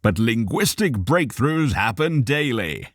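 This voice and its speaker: A man's voice: medium pitch, very animated, unhurried, no room sound, clean studio sound, voice pushed up. A man voicing a verbose male scholar barbarian hero who speaks grandly and patiently with long words.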